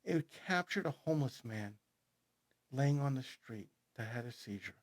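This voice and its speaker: A man with a New York accent, a guest author telling his story in a studio interview, animated and rambling. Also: mid-range voice, normal speed. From New York City. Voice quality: gravelly, husky. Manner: animated, rambling storyteller who speeds up and gets loud when excited.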